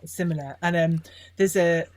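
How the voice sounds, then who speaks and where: A woman's voice: fairly low pitch, steady tone, moderate pace, a little mellow. Enthusiastic British woman host. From Britain. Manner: enthusiastic, chatty. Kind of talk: casual chat.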